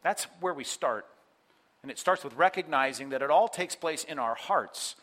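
A man delivers a sermon from the pulpit in a bright, slightly high voice. He is animated, speaks straight to his listeners and acts out the people he quotes. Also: normal speed. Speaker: pastor. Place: church.

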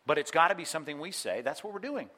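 A man's voice: fairly high pitch, quick pace. A man preaching a sermon as pastor, talking straight to his congregation and acting out the people he quotes. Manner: animated, acts out quoted voices, addresses congregation directly. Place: church.

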